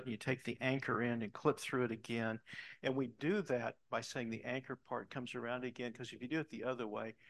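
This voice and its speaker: A middle-aged pastor preaches a sermon, telling a story with animation and softening his voice to emphasize key points. His voice is medium-pitched with vocal fry.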